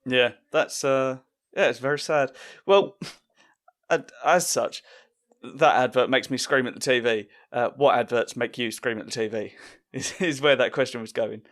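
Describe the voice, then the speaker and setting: A man's voice: mid-range voice, a little slow, a bit bright. Wry rambling man. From United Kingdom. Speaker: podcast host. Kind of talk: casual chat.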